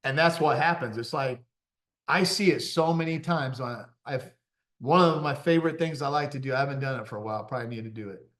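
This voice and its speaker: A middle-aged man, a confidence coach, giving a motivational talk with animated, self-deprecating stories and frequent laughs. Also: mid-range voice, fairly quick.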